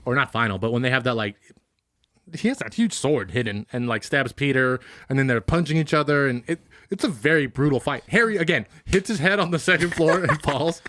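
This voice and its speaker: A man's voice: mid-range voice, lively intonation, a little fast, fairly bright tone. A man co-hosting a podcast, chatting casually and jokingly about a movie. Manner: laughing, jokey, acts out movie lines. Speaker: podcast co-host. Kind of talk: casual chat.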